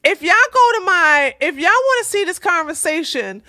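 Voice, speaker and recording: A woman's voice: very high-pitched, expressive, normal speed, pushed and bright, no echo, clean studio sound. A woman giving casual relationship advice to her viewers, blunt and emphatic, repeating her points in plain, slangy talk.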